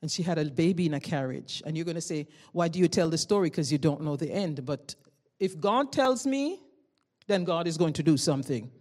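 Woman giving a testimony at church, storyteller vibe, goes loud then real quiet, laughs a lot. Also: low-pitched, fairly quick. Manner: lively storyteller, swings from loud to hushed, laughs often. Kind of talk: spoken testimony to a congregation.

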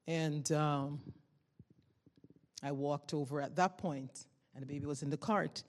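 A woman giving a spoken testimony to a congregation, telling a story with lively swings from loud exclamations to hushed tones and frequent laughter. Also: sits low, slow pace, long pauses. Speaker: church member giving testimony.

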